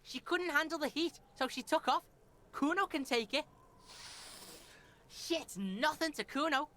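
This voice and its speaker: A foul-mouthed game street kid, put on by a man, with a high, sharp Scouse voice. He talks about himself in the third person and sneers at everyone. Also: animated, measured pace, heavily acted. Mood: hostile. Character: foul-mouthed street boy, cocky and hostile. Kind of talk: live game voice-over.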